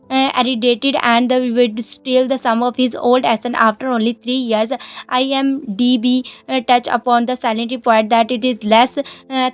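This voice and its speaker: A woman reading a scripted film commentary, halting often with "uh" pauses. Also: fairly high pitch. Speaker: narrator.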